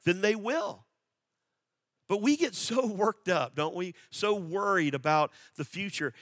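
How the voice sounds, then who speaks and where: A male pastor preaching a sermon, earnest, repeating phrases for emphasis and asking the congregation questions, swinging from quiet and low to loud and emphatic. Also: no room sound, clean studio sound.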